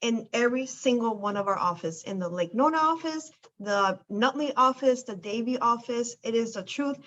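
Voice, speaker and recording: A woman with a fairly high voice talks with eager emphasis and tells a story. The recording is a bit dull and lo-fi. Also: expressive, normal speed, fairly bright tone. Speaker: weight loss clinic host. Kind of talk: casual chat. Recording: dull lo-fi sound.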